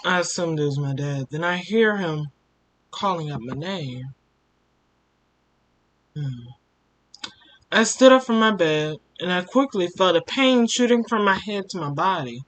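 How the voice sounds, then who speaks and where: Young male storytime host; slow reader, bright tense tone, emotional asides. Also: high-pitched, animated. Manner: emotional, stops to comment and sigh. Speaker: storytime YouTuber. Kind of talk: reading a fan fiction story aloud.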